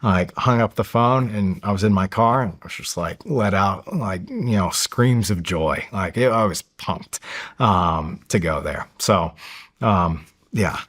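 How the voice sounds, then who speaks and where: A man's voice: sits low, measured pace, a bit bright. A man telling stories as a podcast guest, upbeat and enthusiastic, rambling with lots of filler words and restarts. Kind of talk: casual interview storytelling.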